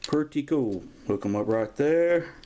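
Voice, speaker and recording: A man's voice: medium pitch, animated, a little slow, mellow. A man, rambling in a folksy way through a casual show-and-tell of his toy collection, recorded on a camera mic at home. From Georgia, US. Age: 50s. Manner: rambling, folksy, drifts into stories. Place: at home, filming toys on camera.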